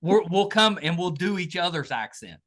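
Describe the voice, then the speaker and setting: A woman's voice: fairly low pitch, expressive, moderate pace, fairly bright tone. A woman from West Virginia with a strong Southern drawl, hosting a podcast interview in a chatty, self-deprecating way. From West Virginia, USA. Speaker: podcast host. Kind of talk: casual interview chat.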